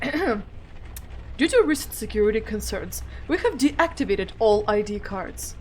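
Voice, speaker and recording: A woman voicing a formal corporate admin notice in a flat, official manner. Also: medium pitch, a little slow, slight background noise, voice pushed down, natural voice. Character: stiff corporate admin announcement.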